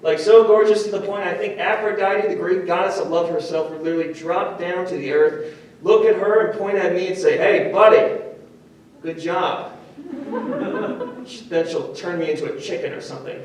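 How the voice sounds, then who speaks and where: A young man doing a stand-up comedy set before a live audience, self-deprecating and rambling, with restarts and quick switches into other voices. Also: sits high, background noise. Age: young adult. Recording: echoey room, far from the mic.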